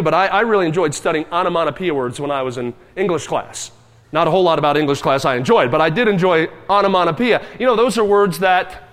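A man's voice: a little high, a bit bright, long reverb tail. A man preaching a sermon in a church, emphatic and dramatic, acting out cries and quoted voices. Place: church sanctuary.

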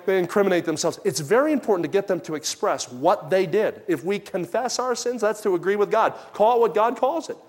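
A man delivering a sermon in a conversational, anecdotal way, dropping soft and low when he quotes himself. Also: animated, brisk. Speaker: pastor. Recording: long hall reverb.

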